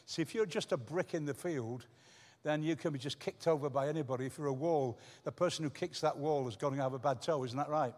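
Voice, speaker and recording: An older man preaches with emphasis, hammering home key words by repeating them. His voice sits a little high for a man. It rings out with a long reverb off the walls of a church hall. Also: a little fast, darkish tone. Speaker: guest preacher. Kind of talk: sermon. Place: church auditorium.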